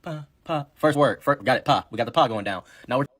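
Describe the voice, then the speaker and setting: A young man telling a rambling story, fast and excitable, with loud yelled bits. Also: mid-range voice, no room sound, clean studio sound. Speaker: storyteller in a played clip. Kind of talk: rambling anecdote.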